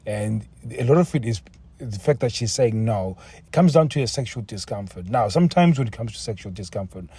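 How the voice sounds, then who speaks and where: A man with a dark, husky voice talks through a solo podcast episode. His delivery is frank and meandering, full of restarts and half-finished phrases, with a blunt edge. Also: lowish voice, expressive, brisk, dry recording. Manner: frank, rambling, with frequent restarts and casual swearing. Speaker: podcast host.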